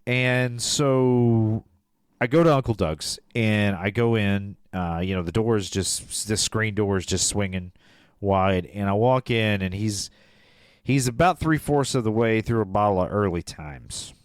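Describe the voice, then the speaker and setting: Deadpan man telling a tall tale. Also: lowish voice, a little slow, clear, resonant tone, no echo, clean studio sound. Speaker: podcast co-host. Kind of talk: comedic storytelling chat.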